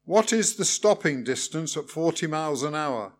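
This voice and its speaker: A prickly, humourless driving examiner, as a man reads him out, clipped and pedantic, pressing heavily on each word. The voice sits a little higher and louder than the reader's own, a touch above a typical man's pitch. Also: expressive, moderate pace, close to an everyday voice. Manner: pedantic, clipped, over-emphatic. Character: stiff, irritable male driving examiner.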